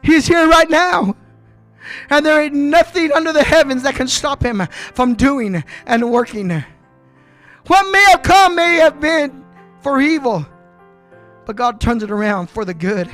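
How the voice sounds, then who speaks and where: A man's voice: very high-pitched, animated, a little slow, fairly bright tone, soft background music. A male pastor preaching an impassioned Pentecostal altar call, rhythmic, punctuating phrases with uh. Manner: impassioned, rhythmic, with repeated uh breaths. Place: church sanctuary.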